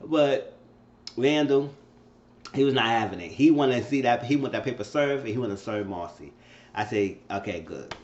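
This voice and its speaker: A man with speech chats through an episode recap, his pitch leaping around as he retells scenes. The sound is roomy and a bit dull, like a home recording. He talks casually and throws in quick asides. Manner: animated, jumps to high squeals when quoting characters. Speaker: TV episode reviewer. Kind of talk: casual recap with acted-out quotes.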